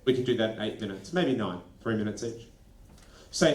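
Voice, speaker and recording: A man presenting a lively workshop to school leaders, animated and acting out quick snippets of dialogue. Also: medium pitch. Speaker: education consultant presenting a workshop. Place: training venue. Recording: echoey room.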